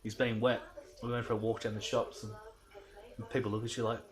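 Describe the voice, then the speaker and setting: Laid-back Australian man, low voice. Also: flat delivery, fairly quick, a crowd in the background. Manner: rambling, laid-back, slangy storytelling. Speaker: vlogger. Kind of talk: casual video diary.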